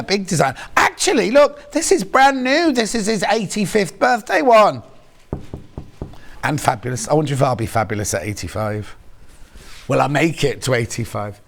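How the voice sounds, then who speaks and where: A man's voice: fairly high pitch, gravelly. A man presenting a live shopping show, chatting playfully, teasing colleagues and reading out viewer messages. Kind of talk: live on-air selling chat.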